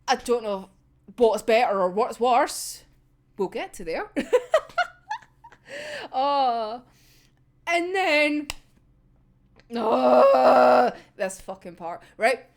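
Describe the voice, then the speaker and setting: A woman riffing through her reactions in a loose, chatty way, cursing freely and laughing often. Her voice sits high and swings widely up and down, while her delivery stays unhurried. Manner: animated, swears a lot, laughs often. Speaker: manga reaction commentator. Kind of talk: casual reaction commentary.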